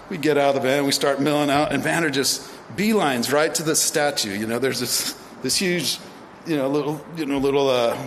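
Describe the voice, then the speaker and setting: A man's voice: mid-range voice, a bit bright. A man in his fifties from the United States telling stories in a speech, rambling with many fillers and restarts. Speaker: speaker at induction ceremony. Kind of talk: storytelling speech. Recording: long reverb of a large hall, faint ambient noise.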